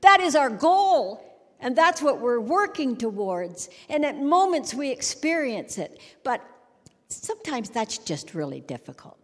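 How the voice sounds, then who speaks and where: A woman's voice: high-pitched, sing-song, measured pace. A middle-aged woman giving a humorous sermon on a church stage, a wry storyteller who jokes and acts out little scenes. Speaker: church speaker. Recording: long hall reverb.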